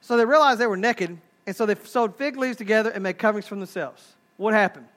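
A Texan pastor preaching to his church, folksy and quick to tell comic stories. His voice is very high and bright for a man. It sounds sharp and forceful when he drives his points home. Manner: folksy, humorous, animated storytelling. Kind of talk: sermon.

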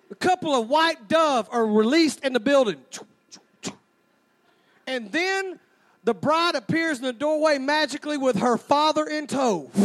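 Male stand-up, very high pitch, animated storyteller. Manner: animated, mimics sounds and crowds. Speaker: stand-up comedian.

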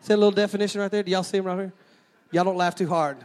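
High-voiced preacher, folksy and joking. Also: male voice, fairly even intonation, very fast, darkish tone. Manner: folksy, joking, calls out to the crowd. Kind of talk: sermon.

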